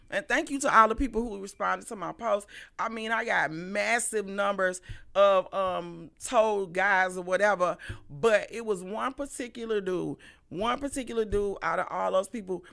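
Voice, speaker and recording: Middle-aged St. woman hosting a stream, sharp-toned, profane, animated storytelling. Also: mid-range voice, measured pace, gravelly. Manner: animated, profane, swings between loud and hushed. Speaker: livestream host. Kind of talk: casual storytelling monologue.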